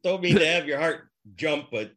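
A man in casual chat who laughs often and speaks in a slow, amused way. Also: on the high side, lively intonation, pushed and bright.

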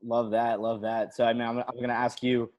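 A man's voice: medium pitch, flat delivery, fairly quick, darkish tone. A man hosting a casual interview, speaking hesitantly with repeated words. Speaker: interview host.

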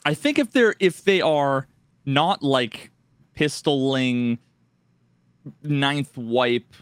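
A man co-hosting a podcast in relaxed conversational chat, often restarting his sentences. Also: medium pitch, very slow, smooth, no echo. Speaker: podcast co-host. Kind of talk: casual chat.

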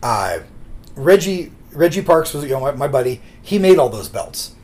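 A man's voice: mid-range voice, sing-song, moderate pace, a little mellow. Chatty man telling wrestling stories. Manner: rambling anecdotes with acted quotes. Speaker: podcast co-host. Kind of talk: casual storytelling chat.

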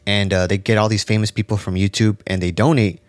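A man co-hosting a podcast, telling stories in a relaxed, profane casual chat. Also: fairly low pitch, quick pace, dry recording. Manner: laid-back, swears a lot, tells stories. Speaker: podcast co-host.

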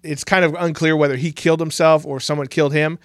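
A man's voice: fairly even intonation, quick pace, no room sound, studio quality. A man co-hosting a podcast, casually recapping a TV series with lots of fillers and restarts. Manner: rambling, many fillers and restarts, breaks into mocking high voices for quotes. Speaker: podcast co-host.

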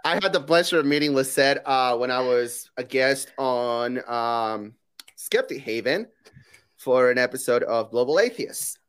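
A man's voice: mid-range voice, expressive, unhurried, fairly bright tone, smooth. A man co-hosting a casual podcast, joking and hesitant with frequent filler words. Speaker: podcast co-host.

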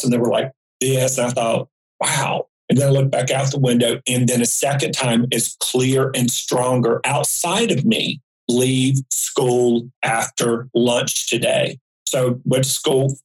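A man, chatting as a guest and telling homespun anecdotes in a relaxed, vivid way. His voice sits at an ordinary middle pitch for a man. His delivery is plainspoken and easy. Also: low-quality recording. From rural North Carolina. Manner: folksy, vivid anecdotal storyteller. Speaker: guest psychic. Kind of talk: casual storytelling.

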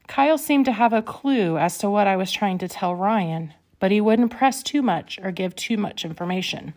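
A woman's voice: lowish voice, gravelly. Earnest woman reading her memoir. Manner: earnest, unhurried, emotional retelling. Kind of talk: first-person memoir reading.

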